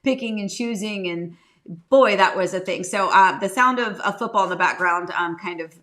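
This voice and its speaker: Lady realtor doing her live coffee chat, super bright voice, rambles and shouts out viewers. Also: medium pitch, moderate pace. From United States. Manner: chatty, rambling, greets viewers by name. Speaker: realtor and live show host. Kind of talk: casual live-stream chat.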